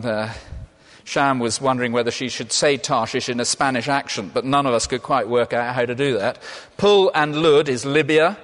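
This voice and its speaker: A man preaching a sermon in a conversational way, asking and answering his own questions. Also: mid-range voice. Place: church. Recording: long reverb of a large hall.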